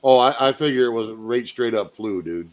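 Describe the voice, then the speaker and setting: A man's voice: medium pitch, moderate pace. Laid-back crude-talking man. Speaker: stream guest. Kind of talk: casual livestream chat.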